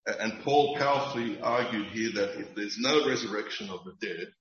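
A man preaching a sermon in an earnest, emphatic and measured way, with occasional restarts. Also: lowish voice, a bit bright, roomy sound, muffled recording, a little hiss or hum. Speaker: pastor.

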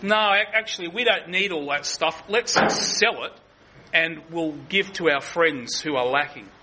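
A man's voice: a little high, unhurried, bright, forceful tone, slight background noise, low-quality recording. A man preaching an earnest expository sermon, often restarting his sentences.

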